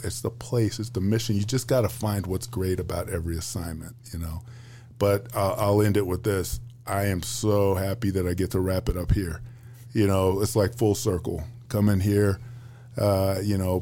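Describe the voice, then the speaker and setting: A man in his fifties, a retiring Air Force general, telling stories in a relaxed, chatty way with lots of fillers and restarts. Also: on the low side. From United States. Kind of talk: casual storytelling interview.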